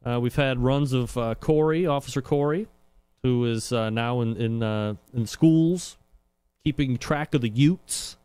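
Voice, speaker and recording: A man's voice: mid-range voice, a little slow, darkish tone, clear, resonant tone, no room sound. A man hosting a live call-in show from his home studio, joking and rambling with lots of "uh"s. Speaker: talk show host. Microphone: studio microphone.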